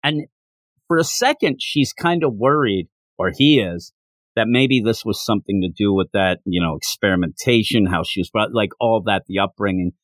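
A man's voice: fairly low pitch, normal speed, no echo. A man hosting a podcast, chatting casually and acting out lines as he retells a comic chapter. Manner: animated storyteller, acts out quotes. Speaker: podcast host. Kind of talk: casual chat recapping a manga chapter.

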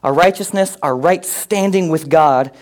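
A man preaching a sermon, mixing scripture with comic personal stories and getting loud and animated at times. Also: fairly high pitch, measured pace. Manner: animated, comic asides, rising to near-shouts. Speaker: pastor.

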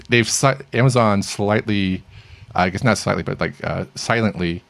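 A middle-aged man with a very low, gravelly voice talks through tech news in a loose, rambling way. He stumbles over restarts and fillers and laughs easily. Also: unhurried, a bit bright, no echo. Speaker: podcast co-host. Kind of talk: casual tech news chat.

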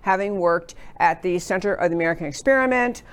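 A woman's voice: lowish voice, quick pace, clear, resonant tone. A woman from New York hosting a political talk show in a studio, enthusiastic and effusive.

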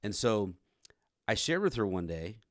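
A man's voice: fairly low pitch, big pitch swings, measured pace, dry recording, clean studio sound. A man in his forties hosting a podcast, telling a candid story about his marriage in a self-deprecating way. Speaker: podcast host. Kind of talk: candid conversation.

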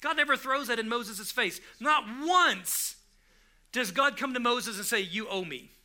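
A man's voice: very high-pitched, animated, a little slow, bright, forceful tone. A man preaching a sermon in a conversational way, often restarting his sentences and rising to emphatic bursts. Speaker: pastor.

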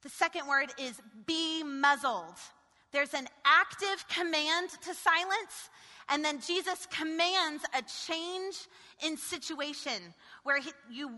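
A woman preaching a sermon, moving between loud, forceful commands and quiet, intimate passages. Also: high voice, slow. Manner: dynamic, shifting from shouted commands to hushed intimacy. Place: church sanctuary. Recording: reverberant church hall.

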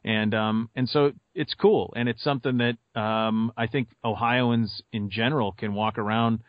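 A man in his thirties from Montana chats on a sports podcast and tells his stories with lots of fillers. He sounds like he is in a dead, dry space, and the sound is slightly dull. His voice sits at a middle pitch. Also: moderate pace, no room sound. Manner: animated storyteller, rambling with fillers. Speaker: podcast co-host and sports radio host. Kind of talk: casual podcast chat.

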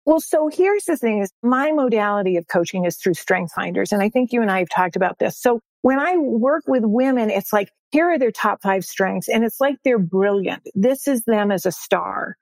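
A woman's voice: mid-range voice, lively intonation, normal speed, creaky, few pauses, a little mellow, dry recording. A woman in her sixties, a success coach and podcast guest, talking upbeat and emphatic, often repeating her key phrases. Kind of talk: podcast interview.

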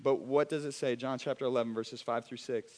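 A young man preaching a sermon to a congregation in a church, animated and conversational, with frequent restarts and acted asides. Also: mid-range voice, fairly quick. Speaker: pastor.

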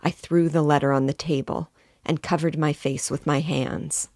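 A woman reading a classic novel aloud in a measured, expressive way, as a guide to the book. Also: low voice, dry recording, studio quality.

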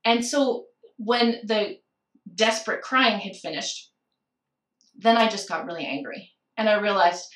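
A woman's voice: mid-range voice, a bit bright, echoey room, distant mic. A woman candidly telling a personal story of grief, reflective and at times tearful. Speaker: guest sharing a personal story.

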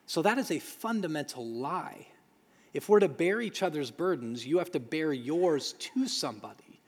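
A man's voice: on the high side, lively intonation, normal speed, breathy edge. Earnest preacher man, reverberant hall. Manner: earnest, emphatic repetition. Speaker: pastor. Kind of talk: sermon.

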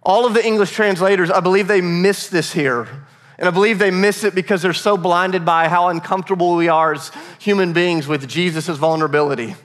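Guy pastor preaching, earnest, kinda high voice, echo of a big church hall. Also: fairly even intonation, fairly quick, a bit bright. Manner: earnest, repeats words, varies pace for emphasis. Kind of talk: sermon. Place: church sanctuary. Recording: long reverb of a large hall.

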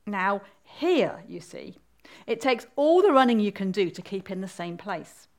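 Woman playing a bossy shouting queen. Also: medium pitch, very animated, a little slow. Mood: matter-of-fact. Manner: shouting urgent commands. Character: imperious queen, relentless and commanding.

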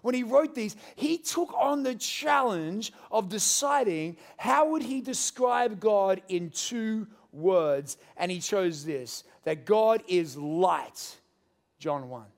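A man preaching a sermon to a church congregation, animated and joking with the crowd. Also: sits high, takes it slowly, creaky. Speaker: pastor.

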